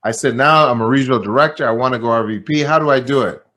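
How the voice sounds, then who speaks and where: A man's voice: mid-range voice, fast. A man giving a motivational talk at a company training event, telling a story and acting out both sides of a conversation with repeated phrases. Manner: animated storyteller, repeats phrases, acts out dialogue. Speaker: company executive speaker.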